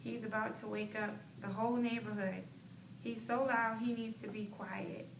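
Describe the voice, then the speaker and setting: A woman playing a patient mother in a scripted role-play with a toddler, reading slowly and barking like a dog for the child. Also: a little high, flat delivery, vocal fry. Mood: playful. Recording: echoey room, distant mic, noisy.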